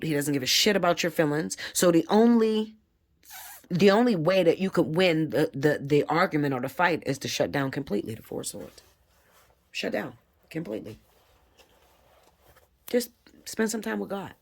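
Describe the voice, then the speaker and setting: Blunt, profane woman tarot reader. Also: a little mellow. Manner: emphatic, swoops up high when fired up. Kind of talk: live tarot reading.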